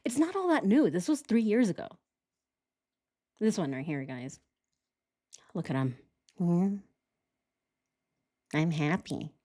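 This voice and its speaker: A woman's voice: medium pitch, big pitch swings, unhurried, long pauses, dark tone. A young woman hosting a casual true crime stream, sarcastic and giggly, talking to her chat as she reacts. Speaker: true crime livestream host.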